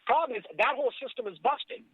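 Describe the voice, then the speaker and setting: A man's voice: very high voice, fast talker, husky, no echo. Blunt sarcastic man on a lo-fi line. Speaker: talk show host. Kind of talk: casual political talk. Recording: dull lo-fi recording.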